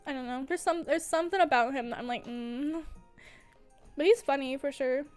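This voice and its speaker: A woman's voice: high voice, fast talker, darkish tone, faint music behind. A young woman streaming, chatting casually with lots of fillers and frequent giggles as she gushes. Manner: giggly, laughs often mid-sentence; gushing, filler-heavy. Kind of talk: casual livestream chat.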